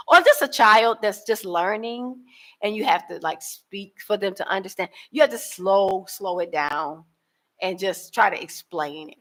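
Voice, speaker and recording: A woman's voice: mid-range voice, fairly bright tone. Woman, African American accent, casual vlog monologue, rambling, many fillers and restarts. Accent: African American Vernacular English. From United States. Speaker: relocation vlogger. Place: abroad, living in East Africa.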